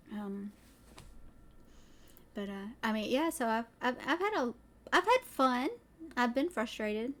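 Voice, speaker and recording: A woman from Tennessee with a Southern accent, chatting casually on a livestream, excitable and rambling off on tangents. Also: on the high side. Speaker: streamer. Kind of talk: casual chat.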